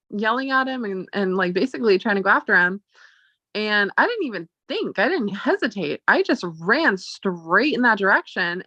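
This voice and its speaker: Telling a personal story on her vlog, a woman chats casually, saying "like" a lot and acting out quoted conversations. She has a medium-pitched, sharp-toned voice, recorded without echo on dull, lo-fi audio.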